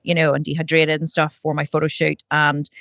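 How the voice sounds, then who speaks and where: A woman podcast host chatting at a quick clip, rambling and piling on fillers as she goes. Her voice is dry and close, with a slightly dull, muffled sound. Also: deep voice, completely flat delivery, gravelly, a bit bright, dry recording. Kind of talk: casual podcast chat.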